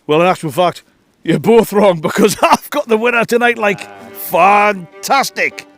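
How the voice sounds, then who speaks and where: A man hosting a casual outdoor camping vlog, joking and calling the viewers ladies and gentlemen. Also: high-pitched, animated, unhurried, dry recording, faint music behind. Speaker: vlog host. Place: outdoors at a windy campsite.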